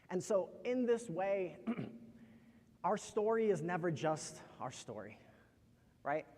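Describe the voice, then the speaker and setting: A man's voice: on the high side, a little mellow. A male storyteller and poet talking casually and directly to a live audience at a college event. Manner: loose and conversational, addresses the crowd directly. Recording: long hall reverb.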